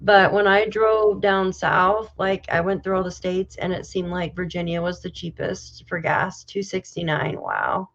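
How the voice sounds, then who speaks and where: A woman from New York State hosting a casual livestream, reading viewer comments aloud and reacting with loud exclamations and casual swearing. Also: fairly low pitch, a little slow, vocal fry, hardly any pauses. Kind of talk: casual live chat. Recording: slightly dull lo-fi audio.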